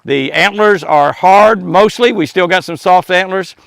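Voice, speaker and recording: A man's voice: sits high, measured pace, vocal fry, a bit bright, clear, resonant tone, no echo. An older man chatting outdoors by an animal pen at dusk, folksy and chuckling as he talks to the deer. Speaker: ranch vlogger. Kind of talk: casual outdoor vlog narration.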